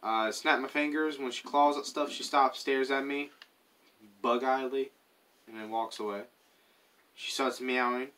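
A man's voice: medium pitch, steady tone, unhurried, pushed and bright. Rambling gamer man, mic slightly distant. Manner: rambling, chatty, muttering to himself, hums while playing. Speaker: gaming YouTuber. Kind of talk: casual gameplay commentary.

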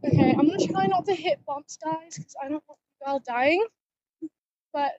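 A young-sounding woman with a high voice vlogs from a bike outdoors. She is jittery and keeps blurting out exclamations. The audio is muffled and lo-fi, picked up by a phone tied to the bike. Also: normal speed, a little mellow, dry recording. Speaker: cosplay vlogger. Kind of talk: casual vlog while riding a bike. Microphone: phone strapped to the bike.

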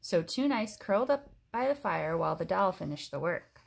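A woman reading a picture book aloud to a child, expressive, pausing to explain things. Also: fairly low pitch, vocal fry, slight background noise. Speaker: story reader.

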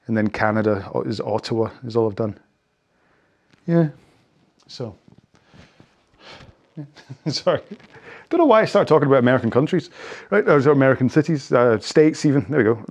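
A man's voice: medium pitch, animated, moderate pace, vocal fry, long pauses. A man leading a rowing workout cool-down, chatting in a rambling, self-deprecating way and often apologizing as he gives stretching cues. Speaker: indoor rowing instructor. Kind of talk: casual workout cool-down chat.

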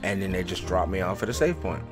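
Excitable young man narrating gameplay. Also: low-pitched, fast talker. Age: 20s. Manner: excitable, repeats himself while playing. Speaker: let's play host. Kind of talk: casual gaming commentary. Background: game music.

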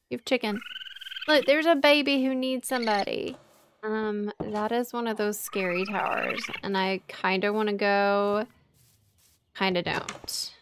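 A woman's voice: medium pitch, fairly even intonation, measured pace, noisy background. A woman hosting a game playthrough in casual commentary, chatty and exclaiming as she talks to the creatures on screen. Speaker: let's play host.

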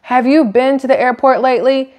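A woman's voice: high-pitched, steady tone, brisk, darkish tone. A woman hosting her own channel, reading news items aloud and then giving her blunt opinions in a casual way. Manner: opinionated, reads articles aloud then riffs. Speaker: channel host. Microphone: camera microphone.

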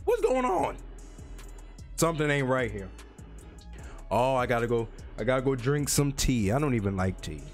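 A man giving live commentary on a football video game, trash-talking and jumping into high yelps, his voice cracking. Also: a little fast, faint music behind. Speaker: gaming YouTuber.

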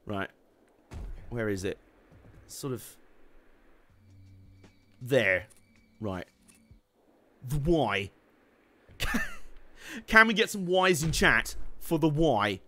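A young man giving casual, excitable gameplay commentary, laughing, swearing and humming along as he plays. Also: mid-range voice, extremely slow, long pauses. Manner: excitable, laughing, swearing, hums tunes while playing. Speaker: game streamer.

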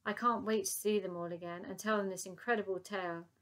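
A woman's voice: mid-range voice, fairly even intonation, fast talker, close to an everyday voice. A woman voicing a stately elderly queen. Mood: regal. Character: elderly stately queen, weary but kind.

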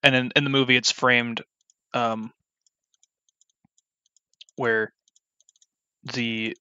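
A young man with a bright, sharp voice rambles through off-the-cuff commentary while he works on a game. His talk meanders with fillers and restarts, and it sometimes builds into loud, heated ranting. The sound is dry and close, with no room echo. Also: medium pitch, flat delivery, extremely slow, smooth, lo-fi sound. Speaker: video creator modding a game.

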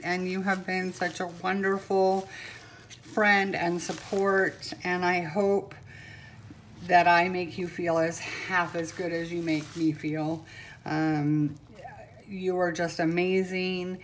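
An older woman filming a casual unboxing vlog at home on her camera, gushing and sentimental, pausing often and filling gaps with "um". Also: fairly low pitch, slight background noise. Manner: gushing and sentimental, with many pauses and fillers. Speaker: vlogger. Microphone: camera mic.

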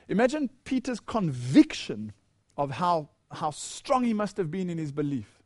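A man's voice: a little high, big pitch swings, measured pace, no room sound, clean studio sound. A man giving a Bible teaching lecture, leading listeners through verses and asking questions before he answers them.

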